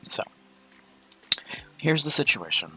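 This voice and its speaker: A woman's voice: low-pitched, very animated, slow, sharp tone, slightly rough. A woman hosting a spiritual coaching podcast, talking in a candid, chatty, confessional way. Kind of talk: casual spiritual podcast monologue.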